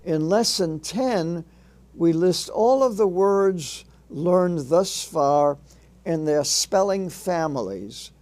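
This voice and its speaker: A man narrating a phonics lesson in a measured instructional way, sounding out letters and sounds one by one. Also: a little high, expressive, a little mellow. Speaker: reading teacher.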